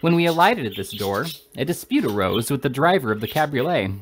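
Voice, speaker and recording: A man's voice: mid-range voice, very animated, brisk, slight background noise, pitched above the performer's own voice, close to an everyday voice. Brief: man playing a downtrodden, apologetic husband in a storybook. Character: meek, henpecked husband.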